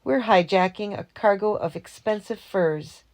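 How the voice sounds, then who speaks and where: A woman's voice: medium pitch, unhurried, darkish tone, voice pushed up, close to an everyday voice. A woman voicing a male truck hijacker who speaks in an overly polite, formal way.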